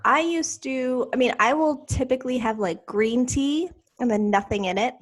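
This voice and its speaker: Woman podcast co-host, casual and chatty, somewhat high voice. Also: moderate pace. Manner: chatty storyteller, lively retelling. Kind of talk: casual chat.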